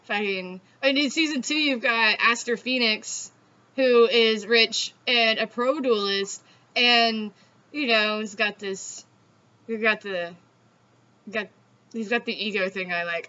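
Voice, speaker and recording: Hosting a laid-back, chatty conversation full of laughter and cursing, this Southern woman from the Southeastern US speaks slowly in a slightly high, pushed, bright voice. The sound is dull and lo-fi.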